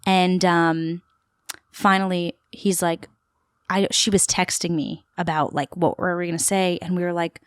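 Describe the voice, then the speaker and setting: A woman telling an animated New story, dry and low. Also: a little slow, clear, resonant tone, dry recording. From Queens, New York City. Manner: animated, chatty storyteller with frequent fillers. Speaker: podcast guest, actor and tour guide. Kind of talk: casual storytelling interview.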